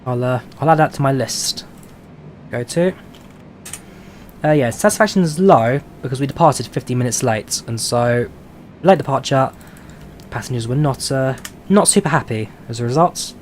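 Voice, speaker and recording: While flying a simulator, a London flight sim streamer chats casually on a live stream, reading viewer questions aloud and answering them full of filler "uh"s. The man speaks with a London accent in a mid-range voice at normal speed, pausing often, over a slight hiss or hum.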